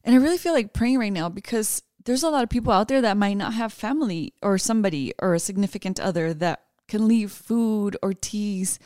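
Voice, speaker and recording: A woman's voice: mid-range voice, fairly quick, hardly any pauses, darkish tone, no echo, studio quality. A woman, speaking affectionately in a casual chat. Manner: affectionate, switches into Spanish. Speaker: co-host.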